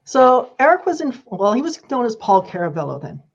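A woman's voice: a little high, brisk, slightly rough, highs cut off. Woman telling a story on a podcast. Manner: animated storytelling, acting out quotes. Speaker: guest storyteller. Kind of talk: casual podcast chat.

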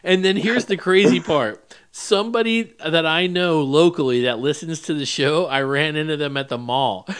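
A man's voice: fairly high pitch, normal speed, few pauses, a bit bright, smooth. A man hosting a casual podcast, rambling and laughing through his stories. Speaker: podcast host.

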